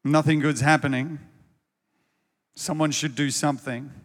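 A man's voice: a little high, flat delivery, a little slow, in a large hall. A man preaching a sermon as pastor, in a conversational way that often repeats words as he starts a thought.

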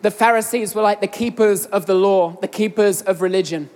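A woman's voice: mid-range voice, fairly quick, darkish tone. English woman preaching in a reverberant hall. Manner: earnest, addresses the congregation directly. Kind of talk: sermon.

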